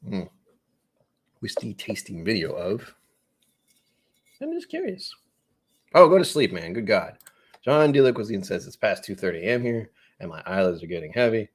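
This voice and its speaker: A man's voice: fairly low pitch, lively intonation, a little fast, slightly rough. A man hosting a live whiskey tasting stream, chatting casually, rambling and joking at himself as he reads viewer comments. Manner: rambling, self-mocking, reads chat comments aloud. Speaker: whiskey channel host.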